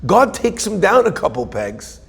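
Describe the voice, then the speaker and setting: Rabbi giving a sermon, fairly high and gravelly, storytelling with loud-soft swings, long hall reverb. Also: male voice, unhurried. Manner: storytelling, emphatic, animated swings between loud and hushed.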